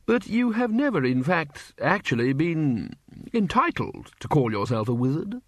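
A booming, blustering old wizard in charge, as a man puts him on for an audiobook. He sounds high and lively, and he barks his words briskly in a dry, close voice. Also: no echo. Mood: brusque. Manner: booming, brusque, commanding. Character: blustering elderly male wizard head. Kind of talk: audiobook character voice.

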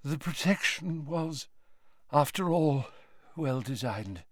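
A man voicing an exhausted elderly wizard headmaster who speaks in a faint, slurred, measured murmur. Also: a little high, very animated, no echo, studio quality, voice pushed up, full character voice. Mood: faint, gentle. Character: weakened elderly male wizard headmaster, calm and gentle.

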